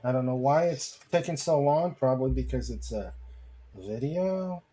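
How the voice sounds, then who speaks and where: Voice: mid-range voice, expressive, normal speed, dark tone. A podcast host chatting casually in an easygoing way. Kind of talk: casual chat.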